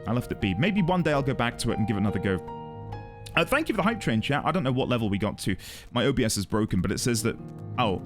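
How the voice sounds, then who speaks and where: A young man talks to his livestream chat, his pitch bouncing up and down as he greets viewers one by one. He wanders into chatty tangents about the game and his day. Faint music plays behind him. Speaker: streamer.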